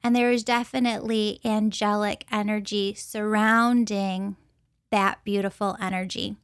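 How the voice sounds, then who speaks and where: A woman's voice: mid-range voice, flat delivery, a little slow, smooth, dry recording, studio quality. A woman from the United States who gives intuitive readings, telling a personal story in an earnest way and repeating phrases for emphasis. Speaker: intuitive reader.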